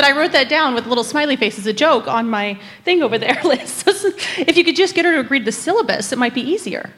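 A woman facilitating a group discussion, lively and joking with the participants. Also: high-pitched, fast talker, few pauses, a little hiss or hum.

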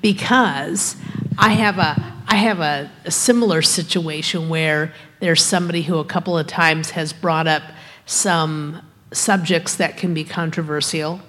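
A woman's voice: sits low, fairly even intonation, a little slow, a bit bright. A woman sharing thoughts in a group discussion, searching for words as she goes. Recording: long hall reverb.

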